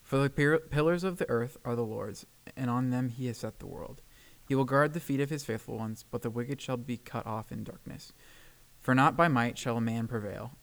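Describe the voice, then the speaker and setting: Male co-host, gravelly voice, earnest scripture reading, some stumbles. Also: medium pitch, moderate pace, low-quality recording. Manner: earnest, reads with small stumbles and fillers. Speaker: podcast co-host. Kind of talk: Bible reading and reflection.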